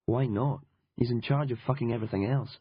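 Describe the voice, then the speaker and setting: A man's voice: mid-range voice, a little hiss or hum, natural voice. A man doing a blunt Scottish newswoman. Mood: sardonic. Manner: blunt, profane, quick. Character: Scottish woman journalist, sharp and sardonic. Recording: dull lo-fi audiobook recording.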